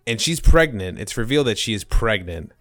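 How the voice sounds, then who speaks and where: A man's voice: lowish voice, expressive, fairly bright tone, dry recording. A young man co-hosting a podcast, recapping a movie in rambling, jokey casual chat. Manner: rambling, jokey, quick to mock accents. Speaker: podcast co-host.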